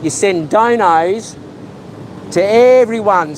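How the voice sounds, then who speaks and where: A man's voice: sits high, expressive, measured pace. Heated Australian man ranting on a stream. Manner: agitated, heated, repetitive ranting. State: emotional. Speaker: vlogger. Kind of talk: live-stream rant. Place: outdoors on a street. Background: faint traffic.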